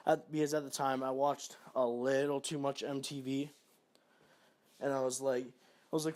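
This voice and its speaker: Casting: young male vlogger, mid-pitch, rambling and profane, loose storytelling. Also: level tone, moderate pace. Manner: profane, rambling, lots of fillers. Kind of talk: casual storytelling to camera.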